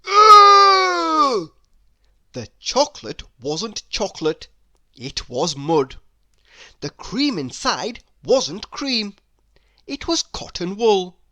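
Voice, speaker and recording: A woman reading a children's picture book aloud, in an expressive storyteller manner. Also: medium pitch, no echo. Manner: expressive, animated reading with slow pacing.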